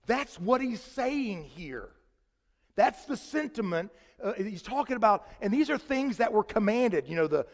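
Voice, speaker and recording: A middle-aged man gives a loose, joking sermon, often restarting his sentences. His voice sits a little high for a man. It rings with the long reverb of a church sanctuary. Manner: chatty and joking, with many restarts. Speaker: preacher. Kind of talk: conversational sermon.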